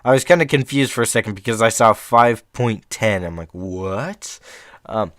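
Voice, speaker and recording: A man's voice: lowish voice, moderate pace, fairly bright tone, no echo, studio quality. A young man reading short horror stories aloud in a casual, rambling way, breaking off for chatty asides.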